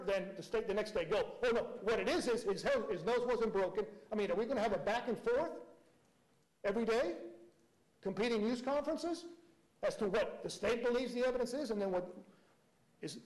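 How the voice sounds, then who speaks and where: A man's voice: high voice, moderate pace, darkish tone, low-quality recording. A man arguing as a prosecutor at a courtroom hearing, pressing his points with emphatic rhetorical questions. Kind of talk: courtroom argument.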